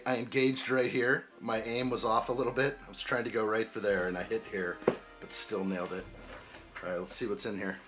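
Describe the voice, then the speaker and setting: A man hosting a building live stream, chatting in an upbeat way and greeting viewers by name. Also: medium pitch. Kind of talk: casual live-stream chat while building.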